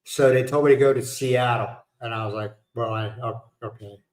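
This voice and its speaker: A middle-aged man talking casually on a livestream, spinning stories and laughing at his own jokes. His voice sits at an everyday pitch for a man. The room around him rings with echo. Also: fairly even intonation, normal speed, a little mellow. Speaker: livestream host. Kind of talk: casual chat.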